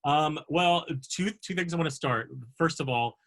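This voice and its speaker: A man hosting a video panel, telling a self-mocking backstage story with animated, acted-out quotes. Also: on the high side, normal speed, slight background noise. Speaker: panel host, actor. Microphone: video call.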